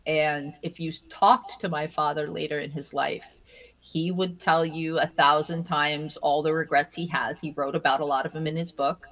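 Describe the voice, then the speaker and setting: Woman, interview guest, slightly low pitch, animated storytelling, laughs a lot, repeats words. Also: rough recording. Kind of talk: casual interview conversation.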